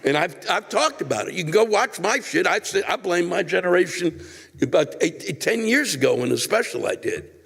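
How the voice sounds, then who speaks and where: A man's voice: high-pitched, big pitch swings, normal speed, gravelly, a bit bright, husky, long reverb tail. An older man, a comedian, ranting with profanity and exasperated outbursts while answering a viewer letter.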